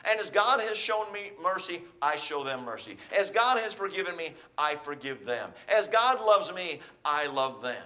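Brief: earnest preacher, exhorting sermon delivery, bright and somewhat high-pitched. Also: male voice, very animated, moderate pace, few pauses. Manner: earnest, exhorting, asks the listeners questions.

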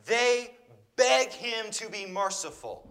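A male preacher delivers a sermon, reading passages of scripture aloud and then unpacking them with rhetorical questions. His voice sits high and rings with a bright, forceful edge. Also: animated, slow.

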